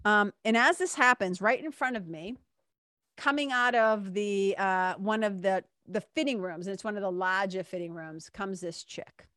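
A woman's voice: medium pitch, normal speed, fairly bright tone, no echo, clean studio sound. Chatty storytelling woman. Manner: chatty, candid, swears, acts out other people's lines. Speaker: vlogger. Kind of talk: casual storytelling monologue.

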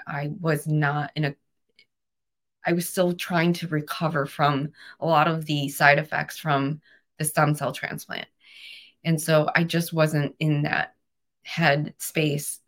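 A woman in her thirties, a podcast guest, telling a personal story in an earnest, emotional way. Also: low-pitched. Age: 30s. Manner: emotional, earnest, animated retelling.

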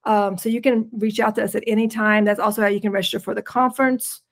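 A woman's voice: medium pitch, fairly even intonation, fast talker. A woman with a pronounced West Virginia accent, a podcast guest talking casually and unhurriedly, laughing easily. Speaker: podcast guest, rural nonprofit leader. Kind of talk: casual interview chat.

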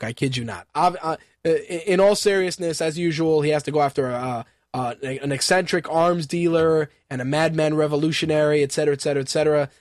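A man's voice: fairly high pitch, no echo, studio quality. Casual, joking man hosting a radio show. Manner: offhand and joking, with frequent fillers and restarts. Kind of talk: casual news commentary.

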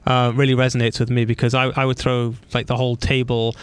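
A man hosting an interview in a casual, animated way, telling stories and acting out the voices of the people in them. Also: medium pitch, quick pace, smooth, no room sound. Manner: animated storytelling, acts out quoted voices. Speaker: podcast host.

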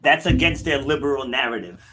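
A man's voice: medium pitch, animated, fairly quick, sharp tone. A man hosting a podcast, chatting casually and telling stories animatedly, laughing often. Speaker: podcast host. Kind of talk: casual conversation.

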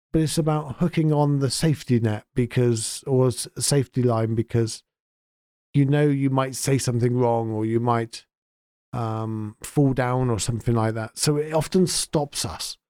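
A man's voice: medium pitch, mellow, no echo, clean studio sound. A man hosting his own podcast, talking in an earnest, heartfelt and sometimes emotional way. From England. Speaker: podcast host and town mayor. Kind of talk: casual spoken podcast update.

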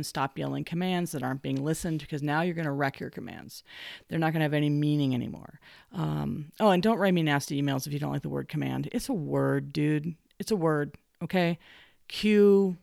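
Woman trainer, gravelly dry voice, blunt and salty with jokey asides. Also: sits low, a little fast, darkish tone, no echo. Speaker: dog trainer. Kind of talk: podcast advice monologue.

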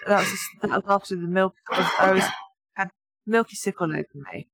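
A woman's voice: medium pitch, quick pace, fairly bright tone, no room sound. A woman co-hosting a podcast, a new mother chatting casually and laughing at her own stories. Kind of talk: casual chat.

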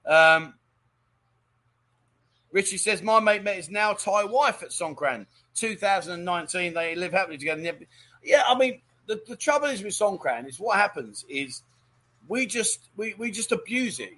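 A man's voice: a little high, pushed and bright. A middle-aged man hosts a casual livestream chat show, reading out viewer comments and chatting in a jokey way. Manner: chatty and jokey, with frequent "mate" and "um".

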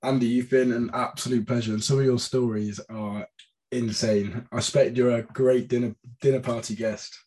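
A man's voice: mid-range voice, steady tone, normal speed, a little mellow. Guy interviewer wrapping up the podcast chat, easygoing.

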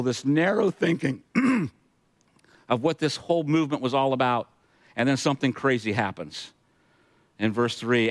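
Man, pastor, sermon, storytelling with emphatic asides, mid pitch, dry close mic. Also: no room sound.

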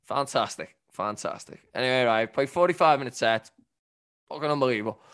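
A man's voice: mid-range voice, fairly quick, fairly bright tone, smooth. A man, a musician on a casual podcast, ranting through a story and swearing, checking in with "right?" often. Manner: ranting anecdote-teller who says "right?" often and swears a lot.

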